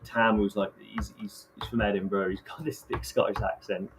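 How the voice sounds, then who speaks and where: A man co-hosting a podcast, telling relaxed, self-deprecating stories in casual chat. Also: fairly low pitch, normal speed, slight background noise, low-quality recording. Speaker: podcast co-host.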